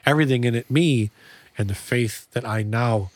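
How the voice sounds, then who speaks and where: A man's voice: medium pitch, moderate pace, dry recording. A man who is a pastor and podcast host, talking earnestly and reflectively in a casual discussion, often restarting his sentences.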